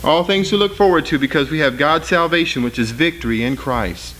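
A man's voice: a little fast, fairly bright tone, a little hiss or hum, low-quality recording. Man preaching, voice climbing on scripture. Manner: rises in pitch and volume reading scripture aloud; plain spoken, with fillers and restarts between readings. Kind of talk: sermon.

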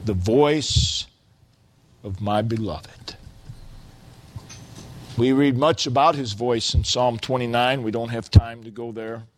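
A man preaching a sermon, quoting scripture slowly and building to loud, stretched-out exclamations. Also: mid-range voice, steady tone. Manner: slow, deliberate preaching with quoted scripture.

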